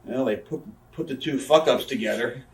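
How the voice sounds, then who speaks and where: A man in his thirties talks in a mid-range voice, sitting far from the mic in an echoey room. As an interview guest in a shoot interview, he fires off profane stories and acts out what others told him.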